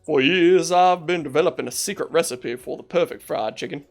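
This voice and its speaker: A woman voicing a folksy old Southern colonel who speaks slowly and proudly, with a put-on Southern drawl. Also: low voice, faint music behind, voice pushed down. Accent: put-on American Southern drawl.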